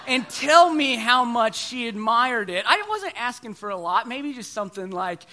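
Guy in his 30s giving a chatty sermon, bright voice, jokes on himself. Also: extremely high pitch, lively intonation, unhurried. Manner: conversational, self-deprecating storytelling. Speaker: preacher.

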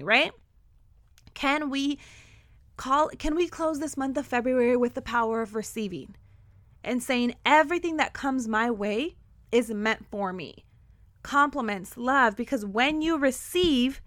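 Energetic woman podcast host, dry close sound. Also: sits high, a little slow, dry recording. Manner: energetic, enthusiastic, emphatic repetition. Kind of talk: motivational podcast monologue.

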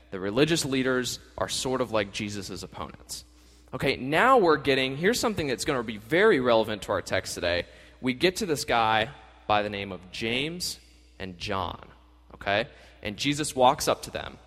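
A man giving a casual, energetic sermon as a youth pastor, talking conversationally and acting out quotes. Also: mid-range voice. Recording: long reverb of a hall.

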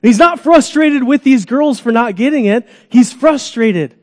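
High-voiced man preaching in a reverberant hall. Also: a little slow. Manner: animated, acts out groans and cries. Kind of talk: sermon. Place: church sanctuary.

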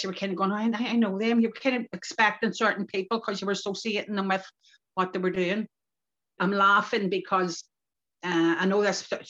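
An older woman with a Northern Irish accent, telling lively stories from her past in a relaxed interview. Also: lowish voice. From Northern Ireland. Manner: lively anecdotal, local turns of phrase. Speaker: community activist interviewee. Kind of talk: reflective storytelling. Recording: dull lo-fi podcast recording.

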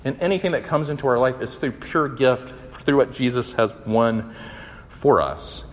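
A young man giving a conversational, animated sermon, acting out the quotes. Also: medium pitch, moderate pace. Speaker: campus minister. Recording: long hall reverb.

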